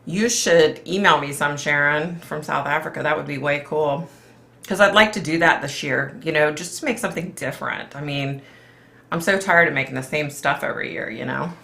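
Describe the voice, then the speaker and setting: A middle-aged woman from Philadelphia hosting a casual psychic livestream, chatting with viewers in a blunt, animated way and swearing freely. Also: sits low, fairly quick, vocal fry. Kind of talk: casual livestream chat reading comments.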